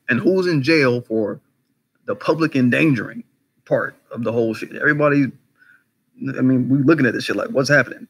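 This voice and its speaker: A man hosts a loose, profane livestream commentary, his voice sitting at an ordinary middle pitch. He talks in an animated, conversational way and keeps firing off rhetorical questions. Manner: greets live chat viewers by name mid-talk. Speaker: commentary channel host.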